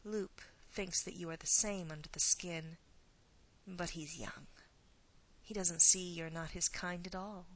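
A woman's voice: on the low side, fairly even intonation, a little slow, a bit bright, poor audio. A woman voicing an ancient predatory female creature who poses as a countess, with a purring, seductive, coaxing manner.

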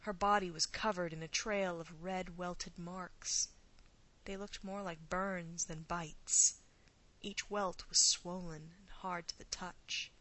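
A woman narrating a scripted story in a hushed, often half-whispered delivery. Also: lowish voice, fairly even intonation, slow, rough recording.

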